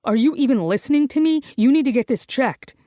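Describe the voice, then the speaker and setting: A woman's voice: high voice, animated, a little fast, warm tone, dry recording, pitched above the performer's own voice. Brief: woman narrator doing young male athlete lover, panicky, curt, swearing; dry close sound. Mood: alarmed. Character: young man, frantic football star lover. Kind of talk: audiobook character reading.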